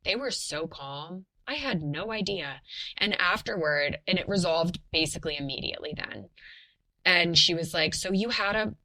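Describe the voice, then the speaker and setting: A young woman sharing her birth story on a podcast, animated and full of fillers, laughing often. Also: fairly low pitch, normal speed, rough recording. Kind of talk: casual personal storytelling.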